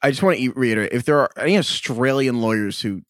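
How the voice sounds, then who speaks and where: A man's voice: fast, a bit bright, no room sound, clean studio sound. A man hosting a casual podcast chat, joking and laughing often. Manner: jokey, laughing, swings pitch widely. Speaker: podcast host.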